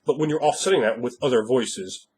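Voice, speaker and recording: A man speaking as a game master, giving blunt, emphatic tips with frequent swearing, slightly hoarse after a cold. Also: mid-range voice, a little fast, a little mellow, a little hiss or hum. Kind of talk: instructional monologue.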